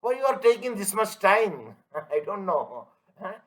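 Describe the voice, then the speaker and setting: A man's voice: high voice, sing-song, measured pace, fairly bright tone, rough recording. A man teaching an online class, repeating his points and asking students if they follow. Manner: everyday analogies, emphatic. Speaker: lecturer.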